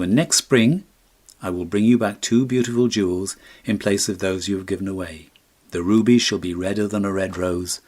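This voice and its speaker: A gentle little swallow bird with a good heart, speaking tenderly in a storybook tale, as a man reading puts him on. The voice sits low and a bit husky.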